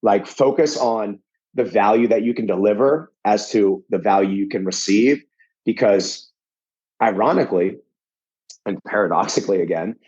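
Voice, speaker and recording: A man from Pittsburgh, a boxing coach and podcast guest, chatting in an animated, joking way with quick tangents and restarts. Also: lowish voice, breathy edge, highs cut off. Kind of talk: casual chat.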